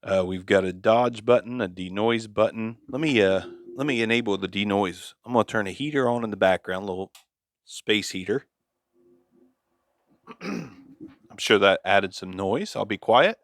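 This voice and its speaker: A man's voice: fairly low pitch, normal speed, pauses often, dry recording. A man reviewing an audio device, thinking aloud in a casual, hesitant way on a studio microphone in a home studio. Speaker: gear reviewer. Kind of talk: casual product demonstration. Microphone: XLR microphone on boom arm.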